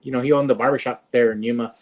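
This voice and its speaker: A man co-hosting a casual podcast, telling anecdotes in a dry, unhurried way. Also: medium pitch, fairly even intonation, muffled recording. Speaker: podcast co-host. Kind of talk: casual chat.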